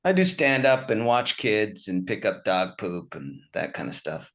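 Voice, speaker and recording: A man's voice: lowish voice, very animated, unhurried, a bit bright. A man in his fifties from Utah, a stand-up comedian chatting as a guest on a video call, wry and self-mocking, laughing often. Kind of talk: casual chat over a video call.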